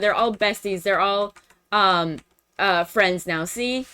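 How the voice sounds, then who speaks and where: A woman's voice: medium pitch, slow, bright, forceful tone, clear, resonant tone. Chatty young woman recapping a movie. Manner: chatty, filler-heavy, slangy. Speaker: streamer presenting to friends.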